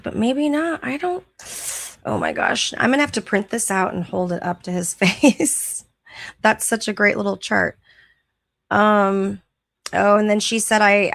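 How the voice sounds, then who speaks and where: A woman's voice: mid-range voice, creaky, a bit bright, no room sound. A woman hosting her show, reading online posts aloud in casual chat, chatty and gushing and laughing often. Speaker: podcast host.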